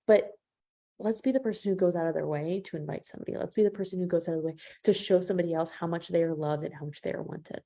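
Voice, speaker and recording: A woman business coach giving a live training, talking straight to her listeners and acting out the voices of people she quotes. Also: lowish voice. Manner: animated, acts out quoted voices, addresses listeners as y'all.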